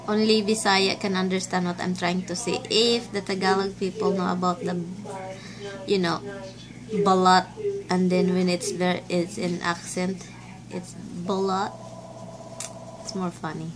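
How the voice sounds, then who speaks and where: A woman's voice: lowish voice, little pitch movement, normal speed, a crowd in the background. A Filipino woman chatting casually in a home vlog, giggly and repeating herself as she talks. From Philippines. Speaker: vlogger. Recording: noisy household background.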